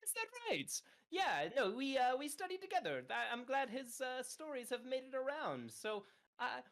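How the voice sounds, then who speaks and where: A woman voicing an eager, chatty flying male creature who talks in an excited, stammering way. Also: moderate pace. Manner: excited, high and fluttery, stammering.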